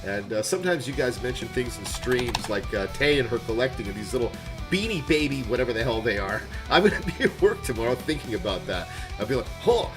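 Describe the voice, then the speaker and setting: With guitar music in the background and a desk microphone, a thirty-something streamer gives a casual, rambling sign-off to viewers. He repeats words and chokes up, speaking fast in a mid-range voice with lively intonation.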